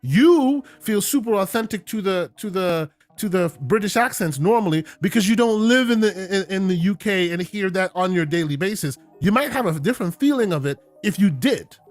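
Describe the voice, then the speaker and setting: A man's voice: high-pitched, lively intonation, normal speed, hardly any pauses, faint music behind. A man co-hosting a casual gaming podcast, explaining things at length with lots of fillers. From United States. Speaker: podcast co-host.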